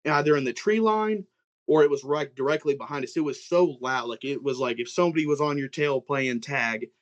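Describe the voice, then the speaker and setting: A man's voice: on the high side, a little fast, dull audio. A young man from Oklahoma telling his own eerie encounter on a casual podcast, rambling and acting out what everyone said. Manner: rambling, animated retelling with many "like"s and quoted dialogue. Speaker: guest telling an encounter story.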